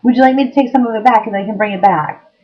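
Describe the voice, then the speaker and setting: A woman's voice: fairly high pitch, rapid-fire, muffled recording, pitched above the performer's own voice, close to an everyday voice. A woman quoting a stammering, flustered waitress. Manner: stammering, apologetic. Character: flustered apologetic young waitress.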